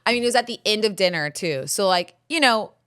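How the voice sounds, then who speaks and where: A woman's voice: medium pitch, animated, fairly quick, a bit bright, smooth. A woman in her thirties hosting a podcast, telling a story in a candid, rambling way with lots of fillers and laughs along the way. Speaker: podcast host. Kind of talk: casual storytelling chat.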